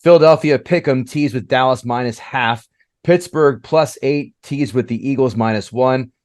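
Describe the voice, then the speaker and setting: A man's voice: mid-range voice, normal speed, darkish tone, no room sound, studio quality. A man co-hosting a comedy sports betting podcast, reading a long list of bets and joking, a bit tongue-tied. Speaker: podcast co-host. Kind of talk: casual sports betting chat.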